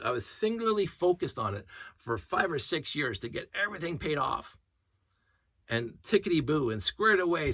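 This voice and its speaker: Man, vlogger, husky forceful voice, lively swings in pitch, indignant rambling story. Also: no room sound. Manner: animated and indignant, rambling retelling. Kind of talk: casual storytelling rant.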